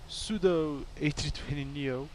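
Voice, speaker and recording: A man's voice: fairly high pitch, measured pace, a little hiss or hum. Chatty Dutch-native man streaming a flight sim. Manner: chatty, thinking aloud while running cockpit checks. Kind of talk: casual gameplay commentary.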